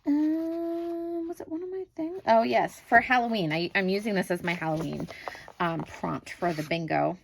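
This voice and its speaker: A woman in her thirties talks through her coloring pages at home in an easy, rambling way. She is quick to critique her own work and leans on fillers between thoughts. Her pitch sits in a middling range. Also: vocal fry, husky, poor audio. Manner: chatty, self-critical, many fillers. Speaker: crafting channel host. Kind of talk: casual show-and-tell of coloring pages.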